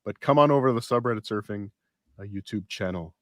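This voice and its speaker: A man co-hosting a casual podcast, reading posts aloud in a wry, deadpan way. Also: fairly low pitch, quick pace, dry recording, clean studio sound. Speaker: podcast co-host.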